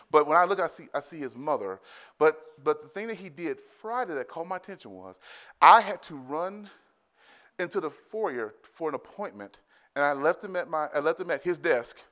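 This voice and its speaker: A man in his thirties, a pastor, preaching a sermon, telling family stories in an animated way, repeating phrases and often laughing. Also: on the high side. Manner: animated storytelling, rising to loud excited bursts.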